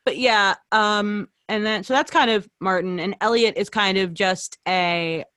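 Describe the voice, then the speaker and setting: A woman's voice: mid-range voice, sharp tone, dry recording, studio quality. Rambling, laughing young woman on a call. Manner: rambling, laughing, quick self-corrections. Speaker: podcast director and producer. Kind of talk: casual group chat on a call.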